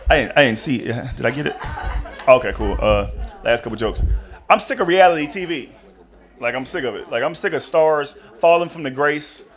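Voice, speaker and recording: Lively, rambling young male comedian. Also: mid-range voice, a little fast, faint music behind. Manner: rambling, chatty, lots of asides. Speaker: stand-up comedian. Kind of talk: stand-up routine.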